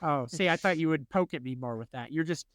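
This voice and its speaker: High-voiced, animated podcast co-host. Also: male voice, a little fast, no echo, studio quality. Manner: animated, laughing, swings in pitch. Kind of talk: casual chat.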